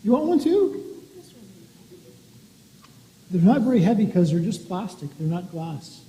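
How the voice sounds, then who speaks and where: A minister giving a gentle, playful communion talk to children in a church sanctuary, explaining things in simple words. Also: mid-range voice, big pitch swings, measured pace, breathy edge. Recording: long church reverb.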